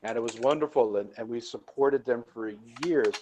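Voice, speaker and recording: A man's voice: medium pitch, normal speed, a little mellow, a little hiss or hum, poor audio. A man chatting casually on a live call, enthusiastic and prone to repeating words as he starts a thought. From United States.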